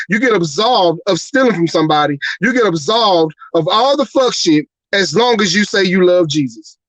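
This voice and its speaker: A man's voice: sits high, a bit bright, dry recording, rough recording. A man hosting a live talk show, ranting angrily and profanely, firing off one rhetorical question after another. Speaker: host. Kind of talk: heated live-show rant.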